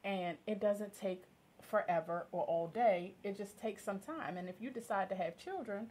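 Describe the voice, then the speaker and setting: A woman's voice: mid-range voice, moderate pace, a little mellow, husky. A woman guest giving earnest parenting advice in casual talk-show chat. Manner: earnest, advising.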